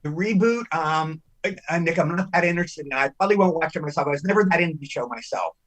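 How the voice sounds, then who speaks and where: A man's voice: a little high, animated, fast talker, a bit bright, poor audio. An older man, a veteran actor on a podcast, who talks frankly in a rambling way and often repeats himself as he restarts his sentences. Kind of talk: casual chat.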